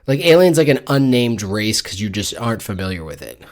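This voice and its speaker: A man co-hosting a podcast, discussing a book casually with a joking, deadpan tone of mock business talk. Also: fairly low pitch, brisk. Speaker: podcast co-host.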